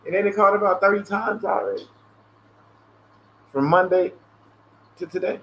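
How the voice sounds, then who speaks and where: Guy rambling on his stream, cussing, animated, kinda muffled audio, faint noise behind. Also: high voice, normal speed. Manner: loose, profane, animated storytelling; mimics callers in a raised voice. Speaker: livestream host. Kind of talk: casual livestream chat. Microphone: earpiece headset.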